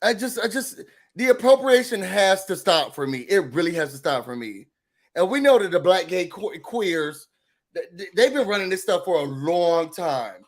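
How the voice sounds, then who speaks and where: Sassy, high-voiced man ranting. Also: moderate pace. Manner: expressive, sassy, mimics quotes in a high voice. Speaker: recap show host. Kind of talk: animated recap and rant.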